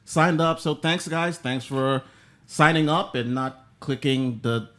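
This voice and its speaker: A man's voice: on the high side, slow pace, a bit bright. A man hosting a casual talk show, teasing his co-hosts and rambling through the sign-off. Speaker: host. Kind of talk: casual podcast banter.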